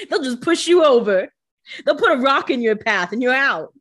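A woman's voice: sits high, big pitch swings. A woman co-hosting a casual podcast, tossing in playful, profane jokes about a TV episode. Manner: playful and profane, quick jokey asides. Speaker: podcast co-host. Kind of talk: casual chat.

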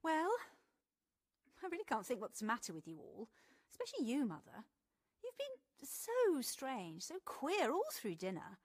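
An actress playing a flighty young wife in an old film drama, airy and quick to defy. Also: female voice, high-pitched, huge pitch swings, heavily acted. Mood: defiant.

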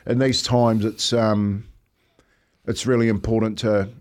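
A man in his forties with a New Zealand accent, hosting breakfast radio and telling stories in a relaxed, reflective way, often saying "mate". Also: fairly low pitch, a little slow. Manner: reflective storyteller, says "mate" often, chuckles. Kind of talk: casual radio chat.

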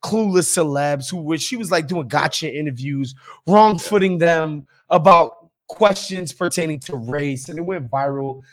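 A high-pitched man holds forth on a podcast, animated and emphatic. He swears freely and keeps a loose, conversational rhythm. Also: normal speed. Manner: profane, emphatic, animated ranting. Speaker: podcast co-host. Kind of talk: casual podcast chat.

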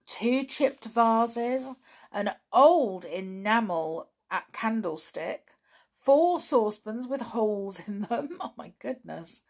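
A woman reading a children's story aloud at a gentle, unhurried pace. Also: a little high.

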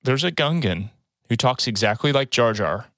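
A man hosting a casual podcast chat, joking and rambling and speeding up when excited. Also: medium pitch, moderate pace, no room sound, studio quality. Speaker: podcast host.

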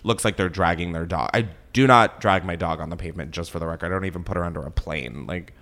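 A man hosting a podcast in casual chat, animated and giggly, swearing often. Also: deep voice, fast talker, a little hiss or hum. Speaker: podcast host.

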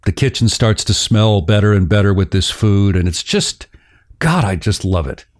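A man's voice: fairly low pitch, moderate pace. A man hosting a podcast, telling a story in a casual, joking way. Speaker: podcast host.

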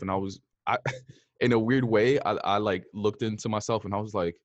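A man's voice: fairly low pitch, steady tone, moderate pace, no echo. A man hosting a podcast, talking reflectively with frequent fillers and asking his guest questions. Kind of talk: casual conversation.

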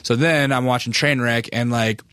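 A man's voice: mid-range voice, steady tone, moderate pace, fairly bright tone, clean tone, no room sound, clean studio sound. Rambling, profane young man telling a story. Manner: rambling, profane, lots of "like" fillers. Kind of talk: casual storytelling.

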